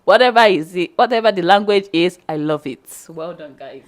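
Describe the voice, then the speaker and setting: A woman's voice: on the low side, normal speed. A young woman from Nigeria, a guest on a vlog, chatting eagerly about her trip and repeating herself. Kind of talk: casual chat.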